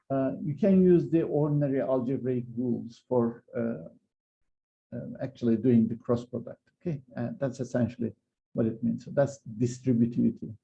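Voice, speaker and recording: Male physics lecturer, gravelly and very dark tone, hesitant delivery, muffled lo-fi recording. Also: medium pitch. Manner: hesitant, many fillers and restarts. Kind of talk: university lecture.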